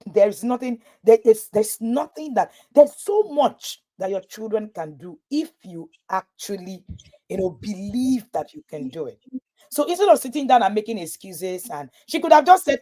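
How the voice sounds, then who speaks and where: A Nigerian parenting coach speaks to parents in a live webinar, telling lively stories and acting out what people said. Her voice sits at medium pitch and moves at a moderate pace.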